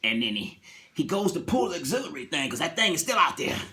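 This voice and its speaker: Man, casual animated storytelling, lively pitch, bright voice. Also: fast talker. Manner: animated, acts out scenes, laughs often. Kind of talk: casual retelling of a TV episode.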